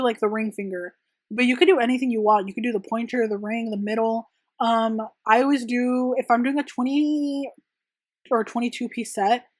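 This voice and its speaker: A young woman talks through viewer questions in a loose, rambling vlog manner, full of "like" and "um" fillers. Her voice sits a little high for a woman. The sound is dry, with almost no room echo. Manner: casual and rambling, many "like" and "um" fillers. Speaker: press-on nail artist and channel host. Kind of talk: chatty Q&A vlog.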